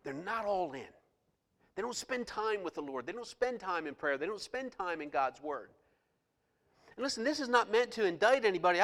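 A man preaching from the pulpit in a high, bright, ringing voice. He preaches with passion, surging into loud outbursts, then dropping to hushed asides. His sermon echoes around a big hall with a long reverb tail. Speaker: pastor.

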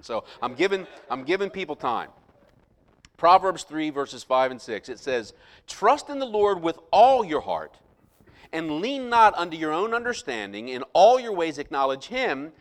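A middle-aged man preaching a sermon, telling a personal story with animated, rising emphasis. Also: high-pitched. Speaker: pastor.

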